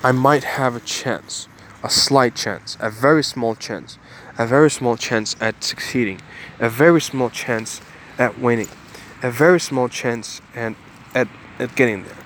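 A male vlogger in his twenties speaks to his viewers in an earnest, emotional monologue, often repeating and restarting phrases. His voice is medium in pitch, with slight background noise behind it.

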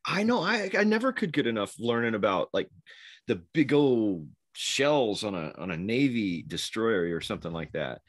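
A man's voice: fairly low pitch, big pitch swings, normal speed, no room sound, studio quality. A man, a former Navy SEAL co-hosting a podcast, telling a story in a rambling way and laughing as he goes. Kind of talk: casual storytelling chat.

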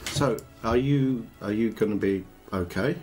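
An earnest man playing a tabletop game, with a somewhat low voice and a practical way of talking. Music plays in the background. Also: measured pace. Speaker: player. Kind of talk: casual tabletop game chat.

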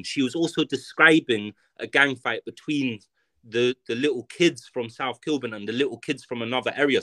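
A man's voice: medium pitch, fairly bright tone, no echo. A man with a London accent, a guest author talking in a casual podcast conversation, ranting in a blunt, emphatic and profane way.

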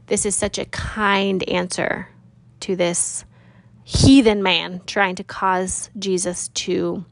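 A woman giving a casual, earnest Bible teaching, chatting with listeners and reading scripture slowly. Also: mid-range voice, little pitch movement, vocal fry, dry recording.

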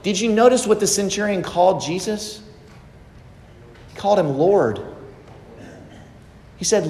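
A man preaching a sermon, pressing his points by repeating key phrases. His voice sits somewhat high for a man. The sound carries a long, roomy reverb, as in a church sanctuary. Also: measured pace, pauses often. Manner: emphatic, repeats phrases for stress. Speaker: pastor. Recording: echoey church hall.

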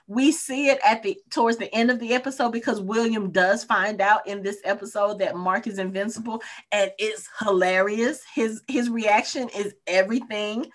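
A woman co-hosting a casual podcast about a TV show, talking it through with friends and acting out characters' lines as she goes. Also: on the high side. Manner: animated, acts out characters' lines. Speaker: podcast co-host.

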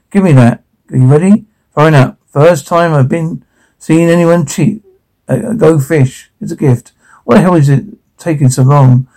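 A man reads a zombie game's captions and dialogue aloud, naming the sound cues flatly and matter-of-factly. His voice is a little high and creaky, and the audio is poor.

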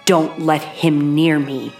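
A woman reading a half-formed, wretched man who speaks in a slow, halting near-whisper. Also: deep voice, soft background music. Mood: broken, urgent. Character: half-formed ghoulish man, tired and desperate.

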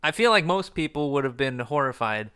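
A man's voice: fairly high pitch, brisk, clean tone. A man co-hosting a comedy podcast, animatedly improvising a story and acting out the characters' lines. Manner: animated, acts out character quotes.

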